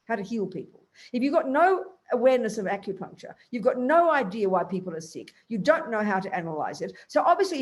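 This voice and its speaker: An older woman, a Buddhist teacher, giving a blunt, emphatic dharma talk to a group and acting out inner voices. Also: a little high.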